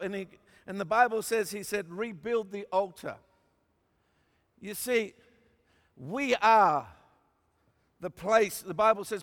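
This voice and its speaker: An Australian man preaching a sermon, joking with the crowd and rising to emphatic shouts. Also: high voice. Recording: long reverb of a large hall.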